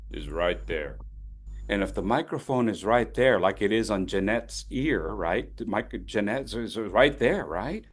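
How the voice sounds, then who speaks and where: A man coaching public speaking on a video call, teasing his students by name and stressing his words slowly as he teaches. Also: mid-range voice, a bit bright. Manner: playful, teasing participants by name; slow, deliberate emphasis when teaching. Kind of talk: online voice workshop.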